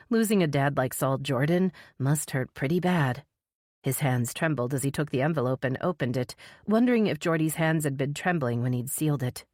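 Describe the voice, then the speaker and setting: Woman narrator, very low voice, measured, dry close sound. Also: darkish tone, dry recording. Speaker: audiobook narrator. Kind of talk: scripted narration.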